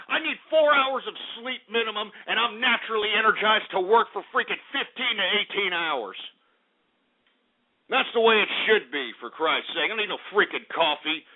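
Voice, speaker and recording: Man, radio host, brash profane rant, high-pitched voice, tinny phone-like sound. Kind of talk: ranting market commentary on talk radio.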